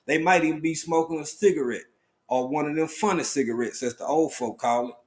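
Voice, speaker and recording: A man hosting a casual live stream, talking in a relaxed drawl and greeting viewers by name with sudden excited bursts. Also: a little high, fairly quick.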